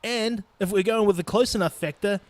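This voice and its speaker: Brief: young New Zealand-accented man, swearing podcast host, slightly high voice, dry close sound. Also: a little fast, no echo. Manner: blunt and profane, laughing between points. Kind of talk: casual solo podcast rant.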